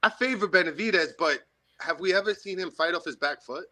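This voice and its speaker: A man calling in to a boxing stream, breaking down fighters in relaxed slang. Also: high voice, brisk. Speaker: caller. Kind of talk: casual call-in chat.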